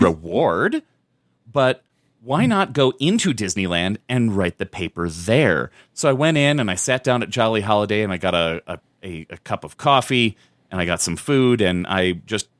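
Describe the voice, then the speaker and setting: Guy cohosting a podcast, lowish voice, kinda rambly with lots of restarts, dry close mic. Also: no echo. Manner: rambling storyteller with many restarts. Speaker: podcast co-host. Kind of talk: casual chat.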